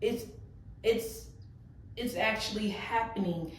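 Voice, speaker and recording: A woman's voice: medium pitch, slow, far from the mic, slight background noise. A young woman, talking openly and emotionally to her viewers, full of casual fillers. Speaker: vlogger. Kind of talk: heart-to-heart vlog talk. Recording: echoey room, voice off-mic.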